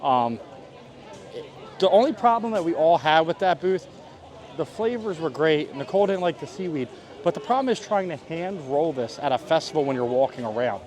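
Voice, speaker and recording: A man's voice: a little high, lively intonation, normal speed, darkish tone, some chatter behind. A young man hosting a casual food review vlog outdoors at a festival, complaining in a playful, dramatic way. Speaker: vlog host. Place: outdoors at a theme park festival.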